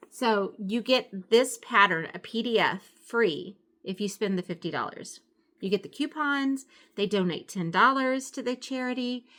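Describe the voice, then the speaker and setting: A middle-aged woman talks at home in a relaxed show-and-tell way, full of little fillers and self-corrections. Her voice sits at an ordinary pitch for a woman, and she drifts from one thought to the next. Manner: chatty and rambling, with frequent fillers and self-corrections. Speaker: craft vlogger. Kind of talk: casual show-and-tell chat.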